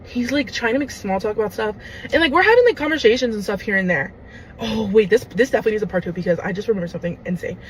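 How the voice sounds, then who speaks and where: Animated young woman telling a dating story. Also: mid-range voice, racing, a little hiss or hum, rough recording. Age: young adult. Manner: animated, dramatic, lots of fillers. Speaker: storyteller in a clip. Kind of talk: casual storytelling.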